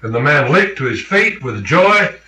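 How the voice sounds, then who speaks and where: A man's voice: on the high side, very animated, moderate pace, sharp tone. Emphatic preacher man in an echoey room. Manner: emphatic, questioning the congregation. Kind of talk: sermon.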